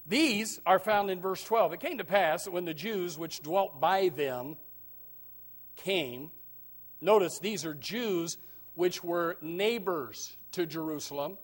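A man preaching a sermon, swinging from loud, emphatic preaching to low, quiet asides, often calling out amen and repeating words as he starts his sentences. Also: slow pace. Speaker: pastor.

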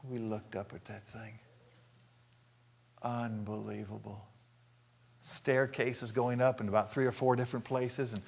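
An older man from Arkansas preaching a sermon, telling folksy stories and acting out the scenes with animated delivery. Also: medium pitch, creaky. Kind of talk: sermon storytelling.

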